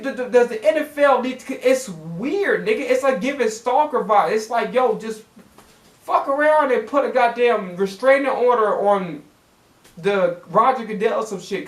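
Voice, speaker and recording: A man ranting profanely as a sports reaction vlogger, exasperated and swinging his pitch up and down as he talks. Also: fairly bright tone, reverberant.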